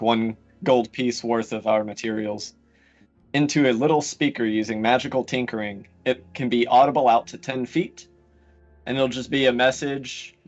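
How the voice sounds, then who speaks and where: A man playing in a tabletop game talks through his move in a hesitant, casual way, full of fillers. The audio is dull and lo-fi, with faint music underneath. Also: lowish voice. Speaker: player.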